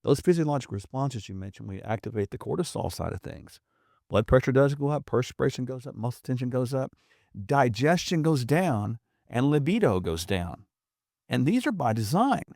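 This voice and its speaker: A middle-aged man explains health ideas with earnest, emphatic conviction. His voice has a gravelly edge and sits in a mid range. He is recorded close on a dry mic. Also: medium pitch, big pitch swings, normal speed, darkish tone, no echo. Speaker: podcast guest, doctor. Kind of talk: conversational explaining.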